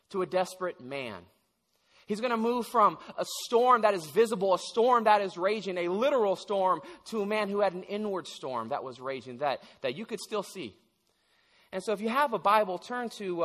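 A pastor giving a sermon, retelling a story in an animated way with frequent stammers and restarts. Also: male voice, fairly high pitch, long reverb tail.

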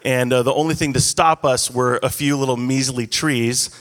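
A pastor in his thirties preaches a sermon in an echoey hall, telling stories in a casual, self-deprecating, conversational way. His voice is mid-range and fairly bright, with a steady tone at normal speed.

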